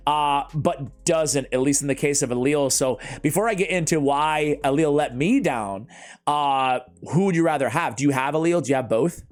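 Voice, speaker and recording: A man's voice: fairly high pitch, moderate pace. A man hosting a casual gaming chat, rambling with lots of fillers and laughing often. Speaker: YouTube gaming channel host.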